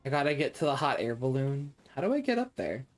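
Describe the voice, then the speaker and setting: A man's voice: medium pitch, sing-song, quick pace, soft background music. A young man streaming a video game live, reacting with dramatic, whiny, self-mocking commentary.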